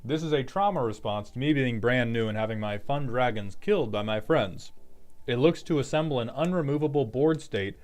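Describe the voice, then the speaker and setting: A man's voice: medium pitch, animated, fairly quick, darkish tone, faint music behind. A young man streaming live, casually reviewing and roasting viewers' card decks in a blunt, joking, profane way. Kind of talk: casual livestream commentary.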